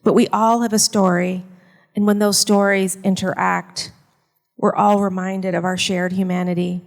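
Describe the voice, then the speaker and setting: A woman's voice: mid-range voice, little pitch movement, gravelly. Woman reading an essay in a reverberant hall. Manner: measured and earnest. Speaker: university teacher in prison education. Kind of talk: reading a prepared personal essay. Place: performance venue.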